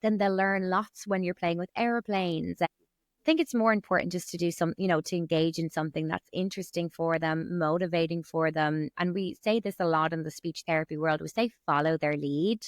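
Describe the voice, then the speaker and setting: Low-voiced chatty woman, reassuring. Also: steady tone, fairly quick, no echo, clean studio sound. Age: young adult. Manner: chatty, reassuring, full of "you know" fillers. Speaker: speech therapist guest. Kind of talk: podcast interview, explaining.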